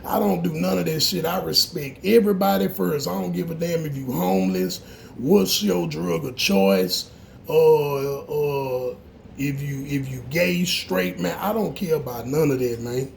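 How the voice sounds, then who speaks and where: Gravelly, blunt man. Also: a little high, unhurried, a little hiss or hum. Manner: blunt, profane, preachy, grows heated. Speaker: auto shop owner and mechanic. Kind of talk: morning talk to camera.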